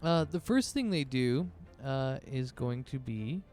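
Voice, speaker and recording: A man's voice: medium pitch, expressive, slow, darkish tone, faint music behind. A man narrating as game master in a loose, rambling way, with lots of fillers.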